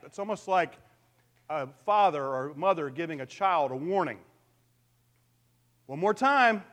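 A man's voice: high voice, a bit bright. A man pastor giving a conversational sermon, asking the congregation questions and using humor.

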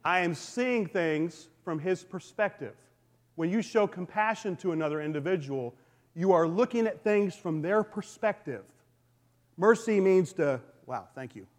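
A man's voice: high-pitched, animated, unhurried. A man preaching a sermon, telling the story earnestly and often restarting his sentences. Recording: long reverb of a large hall.

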